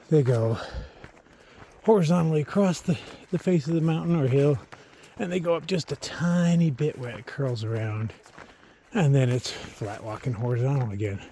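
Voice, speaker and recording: A man's voice: medium pitch, mellow, slight background noise. A man filming himself on a long-distance hike, chatting casually and telling wry, joking stories as he walks a mountain trail. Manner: joking, laid-back, wry storytelling. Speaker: long-distance hiker filming his trek. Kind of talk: casual vlog commentary.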